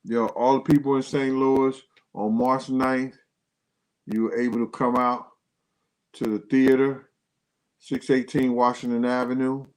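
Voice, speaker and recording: An average-pitched man hosting a casual livestream. He talks straight to his viewers in loose slang. His voice jumps sharply higher when he gets worked up. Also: little pitch movement, a little slow, rough recording. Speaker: livestream host.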